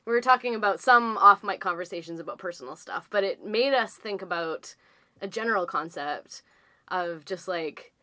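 A woman's voice: fairly low pitch, moderate pace, pushed and bright, no room sound, clean studio sound. A woman co-hosting a podcast, telling stories in a rambling way with lots of fillers. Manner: rambling, filler-heavy storytelling. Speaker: podcast co-host. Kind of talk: casual chat.

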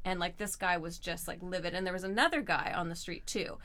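A woman telling a personal story in a casual chat, animated and laughing often as she acts out voices. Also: on the low side, brisk. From Canada.

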